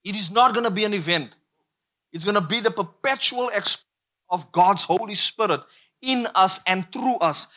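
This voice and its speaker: A man's voice: high-pitched, pushed and bright. A man preaching a sermon, emphatic and repetitive, drawing call-and-response from the congregation.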